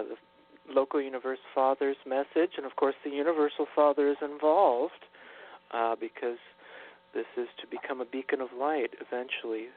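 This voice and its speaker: A man giving a slow, earnest spiritual message on a radio talk show, with many pauses and fillers. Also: mid-range voice. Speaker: guest minister. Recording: tinny phone line.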